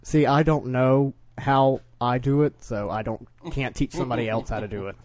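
A man's voice: medium pitch, fairly even intonation, a little mellow. A man with a Southern US accent, co-hosting a casual chat show and trading jokes. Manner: joking, teasing, quick banter. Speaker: podcast co-host.

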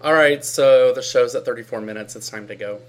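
A man co-hosting a podcast in relaxed, casual chat, mostly giving short replies and laughing easily. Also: mid-range voice, fairly quick, crowd noise. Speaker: podcast co-host.

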